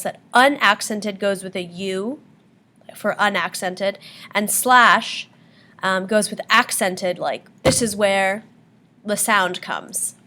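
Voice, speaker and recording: A woman's voice: mid-range voice, sharp tone. A woman teacher giving a patient classroom lecture on poetry terms, explaining step by step with frequent ums.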